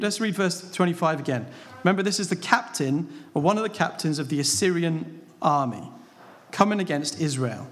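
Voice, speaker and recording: A man preaching a sermon, talking conversationally and asking his listeners rhetorical questions. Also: on the high side. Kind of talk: sermon on a Bible passage. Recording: long reverb of a large hall.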